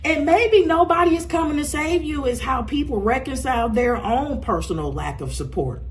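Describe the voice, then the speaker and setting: A woman giving a casual, profane tarot reading, swinging between loud outbursts and low muttering. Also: animated, normal speed, a little hiss or hum. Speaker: tarot reader.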